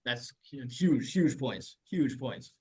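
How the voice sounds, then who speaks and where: A man hosting an interview speaks at an ordinary middle pitch. He affirms what his guest has said, recaps it, and then leads into his next question. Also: takes it slowly. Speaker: host.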